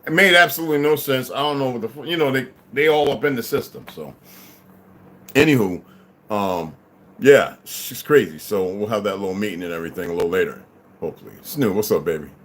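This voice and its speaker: A tired man hosts a livestream in a lowish, slightly bright voice, talking fairly quickly. Laid-back and rambling, he chats profanely and greets arriving viewers as "beloved."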